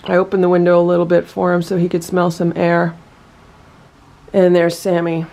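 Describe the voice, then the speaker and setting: A woman records her cats at home on a phone and narrates what she sees. Her voice sits low for a woman and carries a gravelly fry. She talks calmly and coos to the cats in a sing-song voice. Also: moderate pace. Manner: calm running commentary, then sing-song baby talk to a cat. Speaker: cat vlogger. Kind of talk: casual home vlog narration. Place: home living room with cats.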